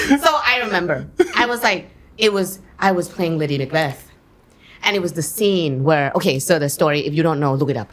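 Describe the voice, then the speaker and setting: A lively woman from Thailand tells stories in English, breaking into laughter often. She acts out the scenes she describes as a guest in an interview. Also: sits low, brisk. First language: Thai. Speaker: guest actress. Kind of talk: animated storytelling in an interview.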